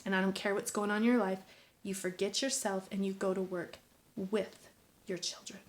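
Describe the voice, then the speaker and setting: A woman's voice: medium pitch, level tone, normal speed. Earnest mother vlogging, dropping to whispers. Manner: earnest, preachy, drops to whispers for emphasis. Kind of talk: emotional personal vlog monologue.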